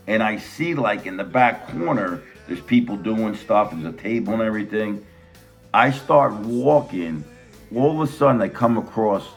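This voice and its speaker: A middle-aged man tells a childhood story in a loose, animated way. His voice sits low, he swears freely and acts out the people in it. Faint music plays softly underneath. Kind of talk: casual personal storytelling.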